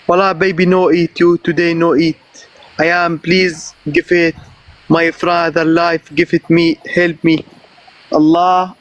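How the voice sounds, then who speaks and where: Man w palestinian accent begging for help in broken english, flat highish voice, over a phone call. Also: a little hiss or hum. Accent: Palestinian Arabic. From Gaza, Palestine. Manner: pleading, repetitive broken English mixed with Arabic blessings. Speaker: guest on a live stream asking for help. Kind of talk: pleading live-stream chat.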